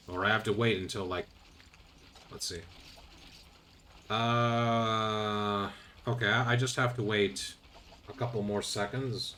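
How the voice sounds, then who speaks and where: A man's voice: on the low side, a bit bright, a little hiss or hum. A man streaming a video game, commenting casually with sarcastic grumbles and mild swearing.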